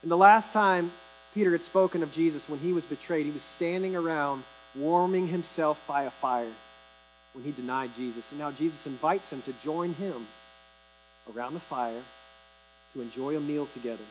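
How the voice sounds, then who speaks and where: A man, a pastor, preaching a sermon in a conversational way with wry asides, sometimes dropping to a hushed voice. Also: on the high side, normal speed, slight background noise, poor audio.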